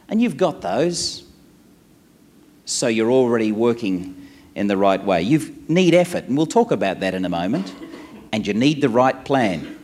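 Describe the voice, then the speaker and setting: A man giving a talk at a conference, telling a playful story and acting out the dialogue. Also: mid-range voice. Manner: animated, playful storyteller who acts out dialogue. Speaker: motivational speaker. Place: live conference presentation.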